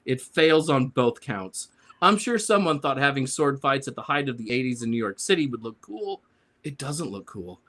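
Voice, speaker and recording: A man's voice: medium pitch, expressive, normal speed, fairly bright tone. Sarcastic man reading a comic rant. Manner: sarcastic, grumbling. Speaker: panelist. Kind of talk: reading a prepared comic review.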